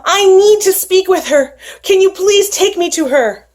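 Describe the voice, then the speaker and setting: A woman voicing an earnest, lovestruck young man who pleads gently in a storybook tale. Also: very high voice, expressive, measured pace, voice pushed up. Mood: pleading.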